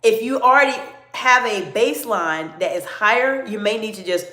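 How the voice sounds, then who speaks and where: A middle-aged woman coaching viewers in a live-stream Q&A, answering them by name and lowering her voice to demonstrate. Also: animated, normal speed, bright, forceful tone, soft background music. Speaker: communication coach. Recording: roomy echo.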